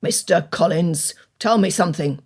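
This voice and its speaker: A woman reading an audiobook, voicing a stern older male country gentleman with dry, cutting wit and measured speech. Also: sits high, slightly rough. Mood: irritated.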